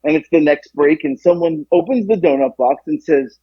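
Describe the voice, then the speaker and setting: A man co-hosting a podcast, telling a story in casual chat, animated and profane, acting out the voices of other people. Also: on the high side, normal speed, slightly rough, no room sound, highs cut off. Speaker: podcast co-host.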